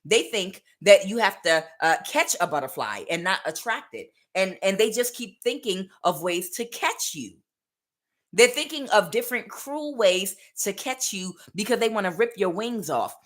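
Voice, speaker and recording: A woman giving a casual spiritual tarot reading, speaking emphatically and directly to the listener. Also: lowish voice. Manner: emphatic, repetitive, direct address. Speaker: tarot reader.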